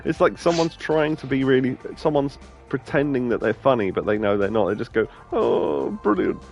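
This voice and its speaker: A man's voice: medium pitch, steady tone, a little fast, a little mellow. A man with an English accent giving casual, rambling game commentary as a let's play host, laughing often. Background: game music.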